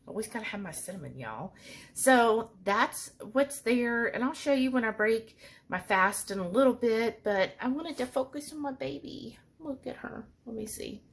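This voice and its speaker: A woman's voice: fairly high pitch, expressive, normal speed, gravelly, breathy edge. A woman chatting casually to her viewers in a rambling way, often saying "y'all". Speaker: vlogger. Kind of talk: casual chat.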